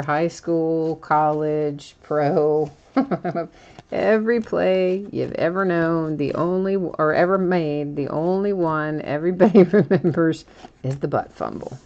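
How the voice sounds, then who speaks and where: A woman with a notably low voice hosts a live card break stream. She chats easily, teases herself and laughs often while stumbling over hard names. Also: darkish tone, highs cut off, a little hiss or hum. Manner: chatty and self-teasing, laughs often.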